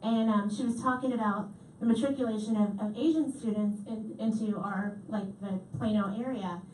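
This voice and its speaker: Echoey keynote woman, lively and animated. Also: mid-range voice, moderate pace. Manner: lively, animated, repeats audience answers. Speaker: keynote speaker. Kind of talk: comedic keynote talk. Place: large hall. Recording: echoey hall from far off, faint noise.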